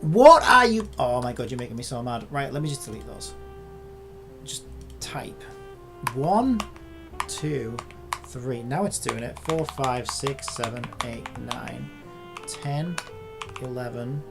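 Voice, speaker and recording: Gravelly exasperated creator muttering at a computer. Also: mid-range voice, unhurried, music in the background. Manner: muttering and swearing at software, exasperated. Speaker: content creator. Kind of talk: casual commentary while working on screen.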